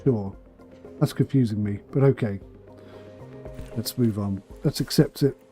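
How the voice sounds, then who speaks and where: A man's voice: fairly low pitch, a little slow, mellow, faint music behind. A man streaming a management game for charity, thinking aloud with dry asides and a slightly tickly throat. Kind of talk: casual charity livestream commentary.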